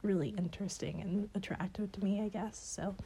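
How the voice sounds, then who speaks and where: A young woman answering questions in a casual chat, hesitant and rambling with many fillers and soft laughs, her voice a bit stuffy as if she has a cold. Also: mid-range voice, steady tone, fairly quick, breathy edge. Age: young adult.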